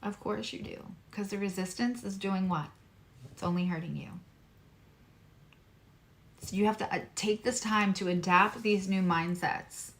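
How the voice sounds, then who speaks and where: This woman's mid-range voice has fairly even intonation, a slightly slow pace, and long pauses as she gives a laid-back tarot and astrology reading. She grew up on Long Island but sounds neutral American now; she's emphatic, repeats key phrases, and adds chatty asides.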